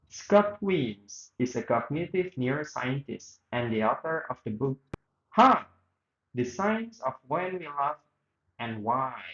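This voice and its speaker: A student reads out both sides of a radio interview, stumbling and restarting slightly as he reenacts it. His voice is mid-range and a bit bright. The room is echoey and the recording muffled.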